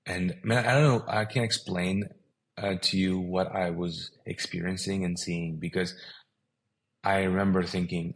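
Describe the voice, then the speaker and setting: Deep-voiced guy, urdu is his first language, tells his story animated, plays out the back-and-forth. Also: measured pace. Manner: animated storyteller, acting out quoted dialogue. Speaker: guest. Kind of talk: telling a personal story.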